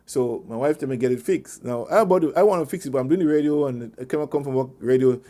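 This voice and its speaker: A man's voice: medium pitch, fast, warm tone. A male radio host giving casual relationship advice over an online call, rambling through anecdotes with chuckles and repeated words. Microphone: online meeting call.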